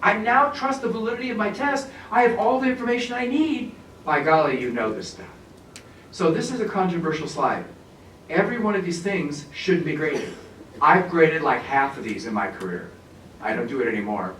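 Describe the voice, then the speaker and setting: Man, workshop presenter, animated and joking, talks to a live audience, voice a little high, heard from a distance. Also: moderate pace. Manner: animated, humorous, addresses the audience. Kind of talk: professional development workshop talk. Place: conference room with an audience. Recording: roomy echo, speaker away from the mic, faint noise.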